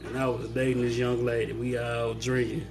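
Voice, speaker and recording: A man's voice: mid-range voice, completely flat delivery, moderate pace, darkish tone, faint music behind. A man co-hosting a casual podcast chat, telling stories animatedly, acting out quotes and laughing a lot. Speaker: podcast co-host.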